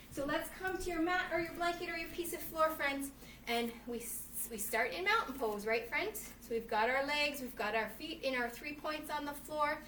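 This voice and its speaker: Playful female kids' yoga teacher, high voice, mic set back in a roomy space. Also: far from the mic, a little hiss or hum. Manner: animated, playful, addresses children as friends. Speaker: children's yoga instructor. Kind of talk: storybook reading with guided kids' yoga. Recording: echoey room, voice off-mic.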